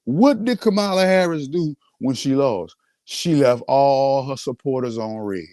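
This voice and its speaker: A man's voice: mid-range voice, expressive, unhurried, a little mellow, no echo, studio quality. Boastful man ranting on a livestream. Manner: boastful, repetitive, restarts often. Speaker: host. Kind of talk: livestream rant.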